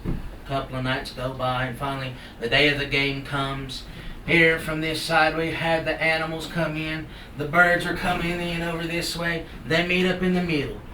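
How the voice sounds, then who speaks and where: A man from the Cherokee Nation telling a traditional story to a live audience in a folksy, animated way with playful sound effects. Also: a little high, moderate pace. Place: live salon event. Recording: roomy hall from far off. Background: audience laughter and room noise.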